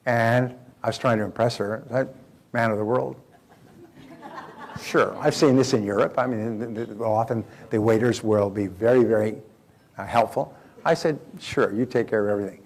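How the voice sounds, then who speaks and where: An older male motivational speaker with a gravelly, creaky edge to his voice. He lectures in a loose storytelling way to a live seminar audience, circling back and repeating phrases as he goes. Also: fairly low pitch, fairly even intonation, normal speed, a little mellow. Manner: conversational, rambling anecdotes with repeated phrases and restarts.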